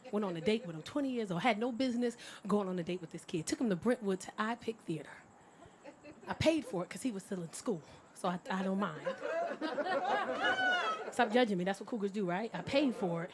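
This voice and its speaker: A woman performing stand-up comedy, telling brash stories with loud bursts on a comedy club stage. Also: mid-range voice, a little hiss or hum.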